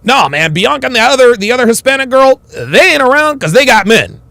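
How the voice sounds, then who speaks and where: Man, high gravelly voice, very animated, slangy reaction commentary, dry mic. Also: brisk, no room sound. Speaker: commentary host reacting to a clip.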